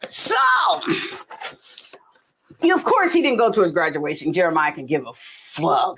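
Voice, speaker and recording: A woman. Her voice sits high and swings widely, jumping up when she gets excited. She takes her time as she talks. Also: a little slow. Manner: animated storytelling with laughter and big pitch leaps. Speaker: livestream host. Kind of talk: casual livestream chat.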